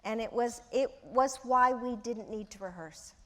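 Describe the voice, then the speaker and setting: A woman in her sixties, an actress guest telling lively anecdotes with laughter in an onstage interview. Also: a little high, moderate pace. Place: large auditorium. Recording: long hall reverb.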